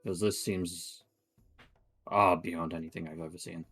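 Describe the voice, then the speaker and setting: A man's voice: deep voice, fairly even intonation, measured pace, a bit bright, breathy edge, faint music behind. A man playing his character in a tabletop game, talking casually and playfully. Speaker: player.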